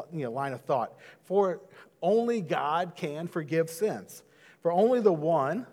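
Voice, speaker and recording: A male pastor preaches in a conversational style, moving between hushed and loud passages. His voice sits at a middle pitch. A long reverb hangs in the room behind him. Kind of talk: sermon.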